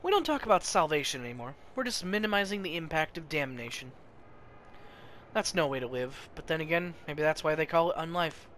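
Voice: mid-range voice, expressive, brisk, fairly bright tone, slight background noise. A let's play host commenting on a story game in a wry, musing way.

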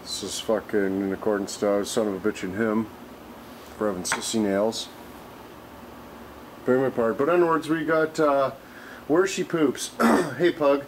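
A man's voice: fairly low pitch, unhurried, pauses often, a little hiss or hum, poor audio. A man telling a rambling story on his vlog, swearing constantly and filling gaps with "like" and "uh". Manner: rambling, heavy swearing, many fillers. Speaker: vlogger.

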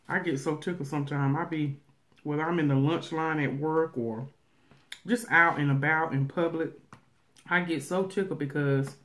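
A low-pitched woman with a Southern country drawl tells a story as a vlogger while eating on camera. She's casual, loud, and laughs loudly.

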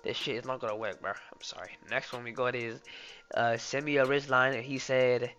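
A young man streaming live and reacting loudly, laughing and often saying "oh my days" and "bro". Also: mid-range voice, fairly even intonation, brisk. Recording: dull lo-fi sound with faint music. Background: faint background music.

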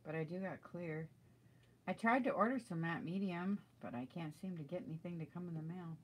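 On the low side and slightly rough, this middle-aged woman's voice moves fairly quickly. She's a craft video maker chatting and thinking aloud on a live stream, asking viewers for advice as she goes.

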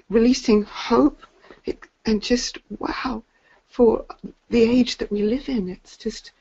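Female caller, gravelly voice, muffled lo-fi call audio, gushing and halting. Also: on the high side, mellow. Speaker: webinar caller. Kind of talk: emotional testimony on a call. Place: in bed at home.

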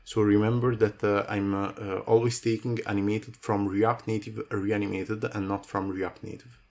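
Guy walking thru code, lowish voice, lots of uhs, keyboard typing behind him. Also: little pitch movement, moderate pace, a little mellow. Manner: talks through code with many fillers. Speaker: coding tutorial host. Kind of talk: screen-recorded coding tutorial.

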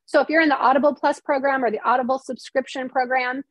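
High-voiced, chatty woman storyteller. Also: fast talker, no room sound. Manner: animated storytelling, acts out quoted dialogue. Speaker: interview guest, novelist and screenwriter. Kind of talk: casual interview chat.

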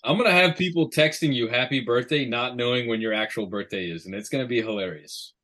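A playful man with a mid-range voice, co-hosting a podcast and ribbing his partner in easy banter. He sounds relaxed and jokey. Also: mid-range voice, fast. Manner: playful, teasing, joking. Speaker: podcast co-host. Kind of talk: casual chat.

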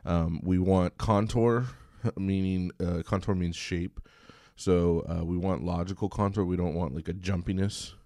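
A man giving a recorded college music lecture in a relaxed, chatty way, singing short examples. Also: low-pitched, unhurried, no room sound, studio quality.

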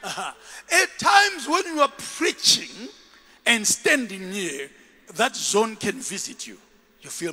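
A man who is a bishop preaching a sermon, animated and full of call-and-response with his congregation, in a large church. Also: high-pitched, takes it slowly. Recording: live church sound with long hall reverb.

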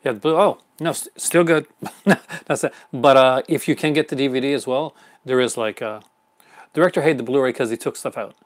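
A man's voice: medium pitch, normal speed. A man hosting a live unboxing stream in casual chat, rambling and chuckling often. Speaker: host.

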